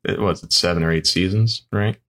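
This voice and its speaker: Low-voiced man making dry remarks. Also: brisk, fairly bright tone. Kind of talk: casual chat about movies.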